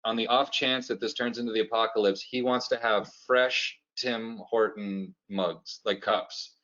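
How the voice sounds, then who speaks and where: A man's voice: fairly low pitch, steady tone, measured pace, a bit bright, lo-fi sound. A Canadian man with a Canadian accent, a comedian guest chatting playfully and rambling through jokes on a video call. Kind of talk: casual interview chat.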